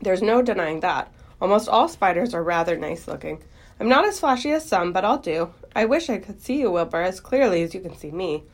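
A woman voicing a kindly, clever female spider who talks in a gentle, precise, matter-of-fact way in a storybook reading. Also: on the low side, animated, a little fast.

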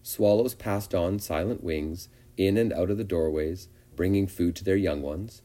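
A man reading a children's storybook aloud with gentle, expressive narration. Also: deep voice, measured pace.

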